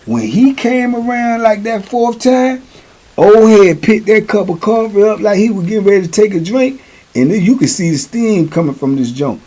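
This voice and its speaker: A man's voice: sits high, animated, normal speed, mellow. A middle-aged man telling prison stories in a casual, slangy, repetitive way. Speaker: storyteller, show host.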